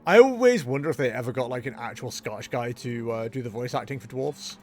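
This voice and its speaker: A man's voice: mid-range voice, steady tone, quick pace, a little mellow, slight background noise. A young man giving casual, jokey gameplay commentary as a streamer, chatting with his viewers. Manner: jokey, self-mocking, chatty with chat. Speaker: game streamer.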